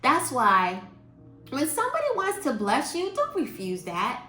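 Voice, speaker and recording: A woman, telling stories to her viewers in a chatty, expressive way. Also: high voice, measured pace, echoey room, faint music behind. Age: 50s. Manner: chatty and expressive, quotes people in lively voices. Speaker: vlogger. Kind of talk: casual storytelling to viewers.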